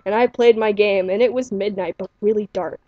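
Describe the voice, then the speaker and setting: A woman's voice: medium pitch, steady tone, a little fast, mellow, no echo. Rambling woman telling a scary story. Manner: rambling, run-on sentences. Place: living room at home. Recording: dull lo-fi home recording.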